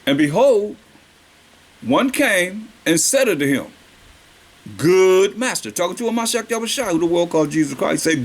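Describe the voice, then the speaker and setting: A man with a high voice preaches a sermon. He reads scripture slowly, pausing on each phrase, then breaks into loose, casual talk and asks his listeners questions as he drives each point home. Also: sing-song. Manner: questioning, drawn-out emphasis on key words.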